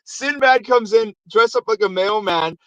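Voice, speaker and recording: High-voiced guy ranting about a movie, casual and sweary, dry sound. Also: measured pace, dry recording, lo-fi sound. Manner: animated, acts out quotes in raised voices. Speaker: show host. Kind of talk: excited movie recap.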